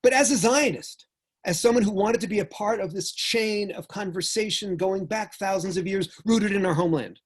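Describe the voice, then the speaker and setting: An older man from New York with a New York accent, giving a joking, animated talk with sudden jumps in loudness. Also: high-pitched, slightly rough. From United States. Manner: animated storyteller, jokey, swings between loud and soft. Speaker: speaker. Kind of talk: lecture talk.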